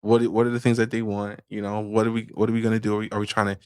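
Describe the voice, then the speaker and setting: A man's voice: lowish voice, little pitch movement, darkish tone, smooth, no echo, studio quality. A man as a podcast guest, chatting casually and giving advice in a rambling way with lots of fillers. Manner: quick, rambling, many fillers and restarts. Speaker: podcast guest, video marketer.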